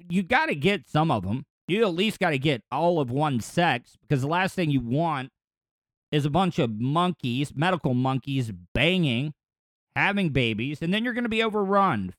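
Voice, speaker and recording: A man hosting a podcast who riffs on news clips in a rambling, crude, joking way. His voice sits fairly high for a man. The sound is dry and close, with no room in it. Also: dry recording. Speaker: podcast host. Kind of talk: casual comedic commentary over news clips.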